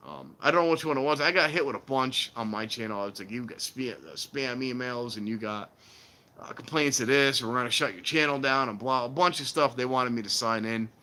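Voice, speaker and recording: A man hosting a casual trainspotting stream, rambling and animated, acting out the voices of people he quotes. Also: mid-range voice, fairly quick. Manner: warns viewers against scams. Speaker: railfan livestream host. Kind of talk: casual chat while filming trains.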